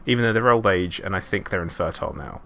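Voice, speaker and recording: Gravelly, low man streaming. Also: lively intonation, quick pace, pushed and bright, a little hiss or hum. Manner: chatty, rambling, self-mocking asides. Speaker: game streamer. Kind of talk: casual live gameplay commentary.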